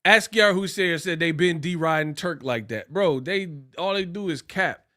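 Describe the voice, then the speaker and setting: A man's voice: on the high side, normal speed. Slangy Bay man ranting on boxing. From Bay Area, California. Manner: animated, slangy and mocking, puts on voices for quotes. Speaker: boxing commentator. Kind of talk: casual ranting commentary.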